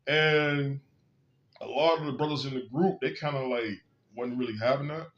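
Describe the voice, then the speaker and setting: A man's voice: mid-range voice, moderate pace, a bit bright, muffled recording. A man telling his own story in a candid, blunt and profane monologue, full of emphasis. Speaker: vlogger.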